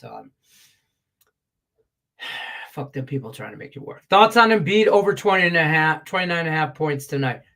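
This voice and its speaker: A middle-aged sports betting handicapper on a picks show rambles casually, blunt and profane. His voice is mid-range and a little bright.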